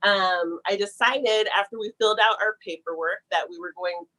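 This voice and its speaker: A woman telling a long personal story in a casual, animated way, talking fast and acting out the people she quotes. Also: mid-range voice, low-quality recording. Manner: talks fast to get through a long story.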